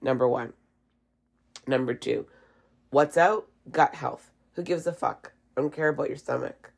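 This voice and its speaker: A woman's voice: very deep voice, unhurried, gravelly. A woman with a cough doing a casual, blunt, opinionated monologue at home, swearing freely. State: has a cough. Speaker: vlogger.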